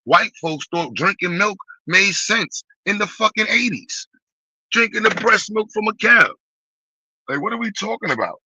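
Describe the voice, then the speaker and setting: Brash New York man, bright and sharp. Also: high-pitched, lively intonation, normal speed, slightly rough, no room sound. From Brooklyn, New York. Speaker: host. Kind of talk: casual ranting commentary. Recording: dull, muffled dry sound.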